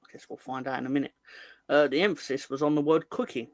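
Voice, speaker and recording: A man hosting a casual live chat, reading out viewer comments in a playful, rambling, excitable way. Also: mid-range voice, quick pace, no room sound. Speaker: host.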